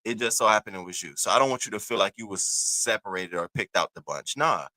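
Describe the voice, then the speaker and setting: Guy hosting a stream, bright tense voice, kinda low, dry sound. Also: animated, fast, no room sound. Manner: loose, profane, talks to chat viewers by name. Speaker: livestream host. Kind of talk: casual livestream chat.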